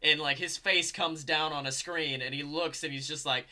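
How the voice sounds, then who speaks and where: A young man in casual chat, telling a long story in an animated, rambling way with lots of fillers. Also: fairly high pitch, moderate pace.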